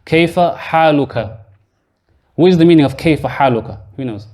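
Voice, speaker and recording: In a mosque classroom, an Arabic teacher patiently takes his students through a grammar lesson step by step, quizzing them along the way. His voice is on the high side, at a moderate pace with a darkish tone.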